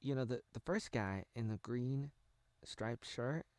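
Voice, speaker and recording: An American man in his thirties riffs on a TV show in a loose, rambling way, often stopping to restart his sentences. His voice sits at an ordinary middle pitch. The sound is dry and close, with no room around it. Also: expressive, a little slow, a little mellow, no room sound. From United States. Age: 30s. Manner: rambling, self-correcting, jokey. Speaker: video commentator. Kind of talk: casual parody commentary over a show.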